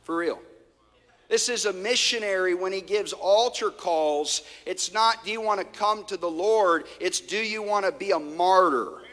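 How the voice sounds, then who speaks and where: Bright-voiced man preaching in an echoing hall. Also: sits high, unhurried. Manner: animated storytelling preacher, swings from loud to hushed. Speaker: pastor. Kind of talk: sermon. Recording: long hall reverb.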